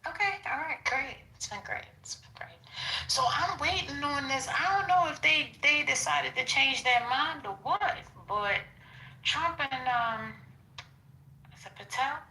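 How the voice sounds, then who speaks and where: A woman's voice: sits high, a little slow, pushed and bright, echoey room, rough recording. A woman in a casual group podcast chat, teasing and sassy in her back-and-forth.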